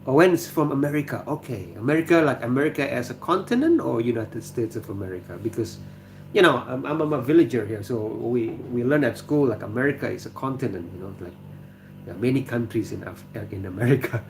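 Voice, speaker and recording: A man from Indonesia with an Indonesian accent, hosting a casual livestream and reading out viewer comments in a hesitant, chatty way with many restarts and throat-clears. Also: medium pitch, animated, brisk, a little mellow, a little hiss or hum. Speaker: livestream host.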